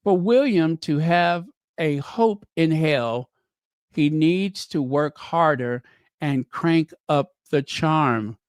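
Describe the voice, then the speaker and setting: A man's voice: fairly high pitch, slow, smooth, no room sound, studio quality. A man hosting a livestream, reading out viewer comments and giving emphatic commentary that repeats key phrases. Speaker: livestream host.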